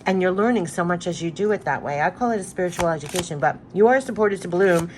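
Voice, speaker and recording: A woman's voice: lowish voice, expressive, fast, darkish tone, slight background noise. Tearful, earnest woman reading cards. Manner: emotional, repetitive, earnest, moved to tears. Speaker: tarot card reader. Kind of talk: spiritual card reading.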